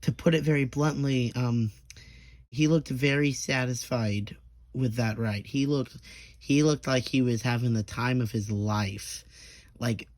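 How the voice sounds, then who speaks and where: A man's voice: mid-range voice, fairly even intonation, measured pace, no room sound. A young man telling a rambling, profane story in a casual storytime monologue, full of stammers and restarts, briefly acting out the people he quotes. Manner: acts out quoted people in short bursts.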